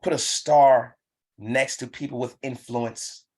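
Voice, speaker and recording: A man's voice: mid-range voice, steady tone, slow, breathy edge. Male business trainer, live online session, emphatic and repetitive, pushes the audience to act. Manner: pumped-up, urging.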